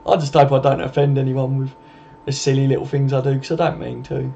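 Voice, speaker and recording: A man's voice: medium pitch, level tone, brisk, creaky, warm tone, slight background noise. A young man hosting a live stream, reading out viewer comments and answering them in casual chat full of swearing and laughter. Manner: sweary, laughing, matey banter.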